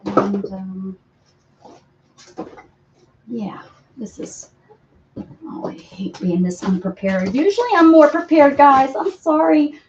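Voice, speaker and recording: A woman's voice: fairly high pitch, fairly even intonation, slow pace, pauses often. A woman hosting a casual crafting livestream from a cluttered room at home, chatting and apologizing to viewers and cooing at her pets. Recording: dull lo-fi stream audio with faint noise.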